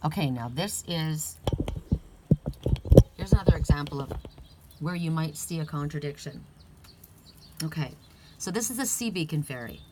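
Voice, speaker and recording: A woman's voice: deep voice, expressive, moderate pace, pauses often, heavy background noise. A middle-aged woman giving an earnest, heartfelt oracle card reading, emphatic and casual.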